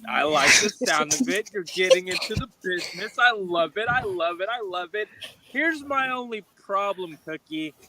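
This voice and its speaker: A man's voice: high voice, expressive, moderate pace, sharp tone, slight background noise, low-quality recording. A man guest on a video call, delivering a bombastic, repetitive showman promo. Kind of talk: wrestling promo.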